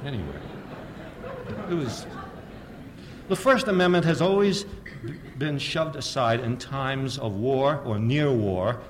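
A man giving a public history lecture, sardonic and animated, firing off rhetorical questions and often chuckling at his own points. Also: mid-range voice, slow pace, a loud crowd, heavy background noise.

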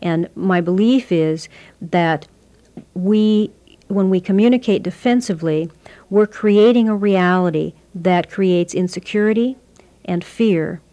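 A woman with a slightly low voice explains her approach to communication in a steady, measured way. She sounds like a workshop teacher, building her points from simple everyday examples. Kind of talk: explanatory interview answers.

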